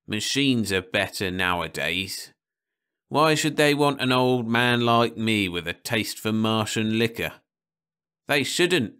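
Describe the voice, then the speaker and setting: A man doing a slow, sad old drifter. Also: lowish voice, expressive, pushed and bright, smooth, heavily acted. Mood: sorrowful.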